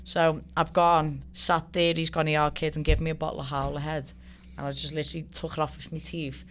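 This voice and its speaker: This guest, a professional fighter in her thirties from Liverpool, speaks in a Scouse accent as a lively storyteller, cursing freely and acting out the lines she quotes during a casual chat. Her voice sits low and moves briskly, with slight background noise.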